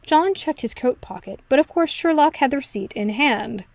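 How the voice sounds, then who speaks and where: A woman narrating a story in a steady, expressive reading. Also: high-pitched, normal speed, creaky, no room sound. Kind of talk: audiobook reading of fan fiction.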